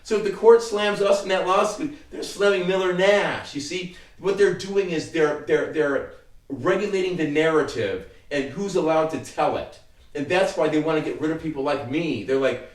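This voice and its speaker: A man's voice: on the high side, moderate pace. A middle-aged man hosting his own legal commentary, talking casually in a heated, rambling and profane way. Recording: roomy sound from a distant mic.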